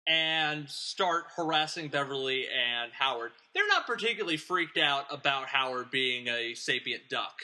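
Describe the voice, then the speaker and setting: A man's voice: mid-range voice, expressive, normal speed, hardly any pauses, sharp tone. A man hosting a podcast, casually recapping a film plot in a rambling, digressive way and chuckling as he talks. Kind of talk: casual chat.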